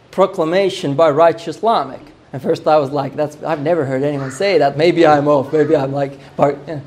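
A man's voice: a little high, a little mellow. A man teaching on a Bible passage in a sermon style, musing aloud and repeating phrases as he works through the text. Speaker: preacher.

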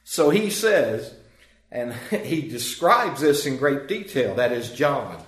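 Male pastor, mid-pitched, earnest emphatic sermon delivery, roomy echo. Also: lively intonation, takes it slowly, fairly bright tone. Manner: earnest, emphatic preaching with rising and falling emphasis.

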